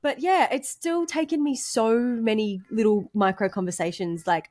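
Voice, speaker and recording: A young woman, chatting casually as a podcast co-host, bubbly and quick to laugh, with lots of "like". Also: a little high, animated, a little mellow. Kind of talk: casual chat.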